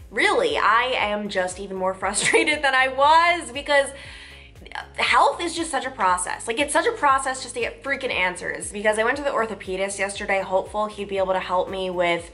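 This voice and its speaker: A woman from Long Island, New York, in her twenties, chats casually to camera for her vlog, talkative, frustrated and dramatic, and saying "like" constantly. Her mid-range voice is animated and sharp-toned at a moderate pace, with soft music behind her.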